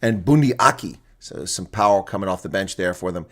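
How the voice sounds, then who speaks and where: A man's voice: low voice, lively intonation, fairly quick, a bit bright. A man hosting live rugby reaction commentary, reading out team lineups and chatting bluntly with viewers. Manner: chatty, blunt, exclaims often.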